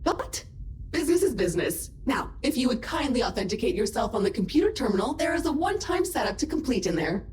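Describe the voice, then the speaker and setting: A woman's voice: on the high side, sing-song, quick pace, a little mellow, slight background noise. A woman voicing a chatty, mildly sardonic female AI assistant in a video game. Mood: wry.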